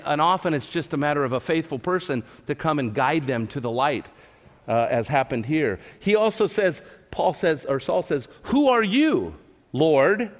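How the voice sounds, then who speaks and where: Earnest pastor in a reverberant hall. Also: male voice, fairly high pitch. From California. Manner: earnest, repeats words, asks the listeners questions. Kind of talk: sermon. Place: church service.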